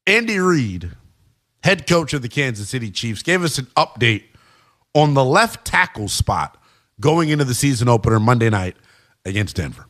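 A man's voice: medium pitch, moderate pace. A man giving an emphatic football analysis monologue, talking straight to his viewers. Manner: emphatic, animated, addresses viewers as guys and y'all. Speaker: sports commentator.

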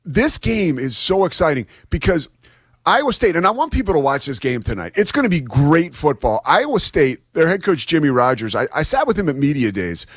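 A man's voice: fairly high pitch, sing-song, a little fast, slightly rough, dry recording, clean studio sound. A man appearing as a guest sports commentator, chatty and enthusiastic about the games. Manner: enthusiastic, chatty, easy laughs. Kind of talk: casual sports talk.

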